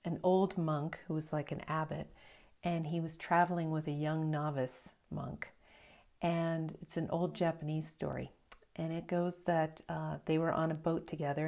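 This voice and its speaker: Mellow-voiced woman meditation teacher. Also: deep voice. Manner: slow, reflective storytelling with soft hushed asides. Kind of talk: evening dharma talk.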